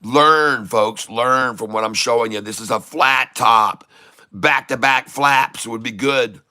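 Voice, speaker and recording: This middle-aged man runs a live day-trading stream, excitedly narrating the action and addressing his audience as "folks." He speaks slowly in a mid-range voice, and the studio-quality recording has no echo.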